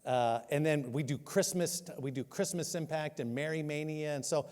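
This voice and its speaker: An older man preaching in a church, his fairly high voice rising and falling as he tells a self-mocking story. A long reverb trails his words through the sanctuary. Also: normal speed, a little mellow. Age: 60s. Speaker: pastor. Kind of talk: sermon.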